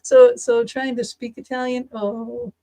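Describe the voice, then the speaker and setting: A podcast host with a Boston accent, a woman whose voice runs fairly high. She talks in a chatty way and drifts into tangents. The recording is dry and close. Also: flat delivery, a little slow, dark tone, no echo. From Massachusetts. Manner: chatty, laughs often, tangents. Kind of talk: casual podcast chat.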